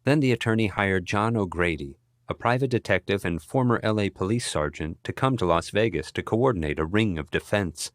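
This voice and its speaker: A man narrating an audiobook in an even, measured reading style. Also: sits low, no room sound, studio quality. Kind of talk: scripted narration.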